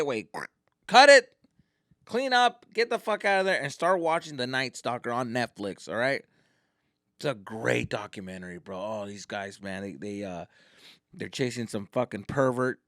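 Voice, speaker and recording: A man's voice: mid-range voice, dry recording, studio quality. A man hosting a casual solo podcast, ranting profanely and mixing in Spanish. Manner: profane, animated, slips into Spanish. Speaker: podcast host. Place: indoors at home.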